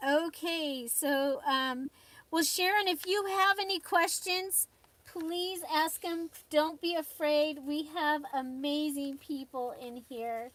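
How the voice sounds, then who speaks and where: Speaking slowly in a high, fairly bright voice, a woman runs a casual live stream at her craft desk. She greets viewers by name, chats with them and laughs frequently.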